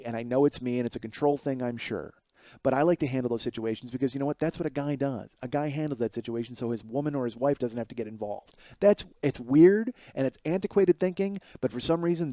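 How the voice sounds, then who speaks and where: A man in his forties tells a comic story alone on his podcast, animated and cheerfully profane, often laughing at himself. His voice sits a little high but has a mellow, relaxed tone. The sound is close and dry. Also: no echo. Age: 40s. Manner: animated, profane, self-mocking. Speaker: podcast host. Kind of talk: solo comedic storytelling.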